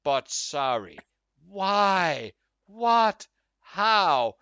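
A man putting on the voice of a passionate, worked-up man who rants and calls everyone to take up pitchforks. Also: sharp tone, no echo. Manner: passionate, rising indignation. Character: fired-up adult man ranting, calling folks to arms.

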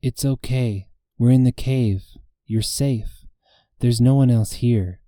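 A man voicing a starved young female novice witch who speaks in a soft, soothing monotone. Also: mid-range voice, slow pace, no echo, clean studio sound, natural voice.

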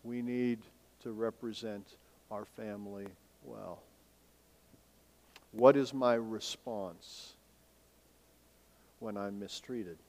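A male pastor preaching a sermon in a church sanctuary. He asks rhetorical questions and swings between emphatic and hushed delivery. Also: on the low side, fairly even intonation, takes it slowly, long pauses. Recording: long reverb of a large hall.

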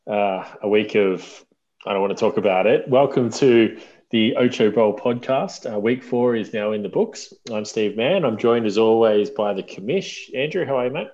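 A man hosting a podcast in casual chat, talking in a relaxed, rambling way with fillers. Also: lowish voice, moderate pace. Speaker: podcast host. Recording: dull lo-fi sound.

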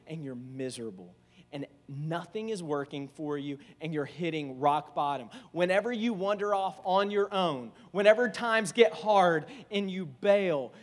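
A man preaching a sermon, animated and conversational, acting out quotes from the people he describes. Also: fairly high pitch, big-room sound.

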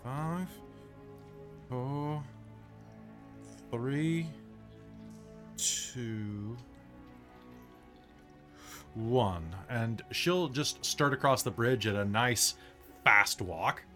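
A young man running a tabletop game, narrating scenes and rules in a relaxed, rambling way with self-mocking asides. His voice moves up and down a lot while he talks. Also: mid-range voice, very slow, pauses often, faint music behind. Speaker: game master.

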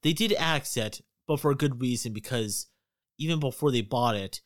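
A man's voice: mid-range voice, moderate pace, dry recording, clean studio sound. A man co-hosting a casual podcast, relaying facts and reading quotes aloud. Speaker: podcast co-host.

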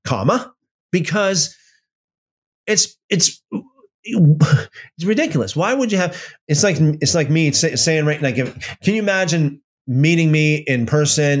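A man giving informal Bible teaching in an emphatic, animated way, often restarting and using fillers. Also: a little high, a little slow.

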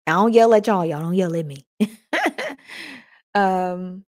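A woman's voice: lowish voice, a little slow, darkish tone. Chatty woman hosting a live stream. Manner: chatty, addresses listeners as y'all, reads comments aloud. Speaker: podcast host reading live chat. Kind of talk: casual live-stream faith talk.

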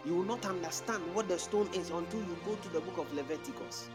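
A man's voice: high voice, fast talker. A man preaching a sermon to a congregation, calling out and speaking in tongues between scripture. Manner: preaching with lively rising calls. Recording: music playing behind.

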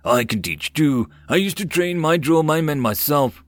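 A man's voice: fairly high pitch, expressive, normal speed, dry recording, voice pushed up, close to an everyday voice. A man voicing a proud young male knight with a brassy, blunt way of speaking.

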